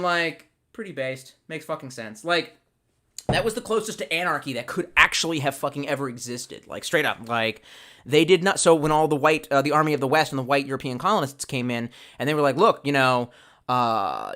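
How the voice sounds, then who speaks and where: A man talks off the cuff on a home livestream, reading out chat comments between long profane tangents. His voice is bright and forward and sits a little high for a man. He keeps cutting himself off mid-sentence and starting again. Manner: rambling, profane, self-interrupting. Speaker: livestream host.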